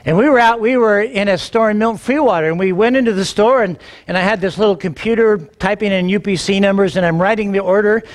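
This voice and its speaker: A middle-aged man, a pastor, telling a personal story in a sermon, animated and acting out the dialogue, often repeating words as he gets going. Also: sits high, fast talker, hardly any pauses. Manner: animated, acts out quoted dialogue, repeats words when excited.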